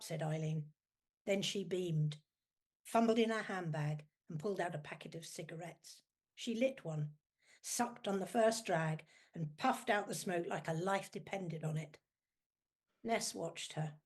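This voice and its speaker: A woman's voice: lowish voice, unhurried, darkish tone. Woman reading her own novel aloud. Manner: chatty, self-deprecating.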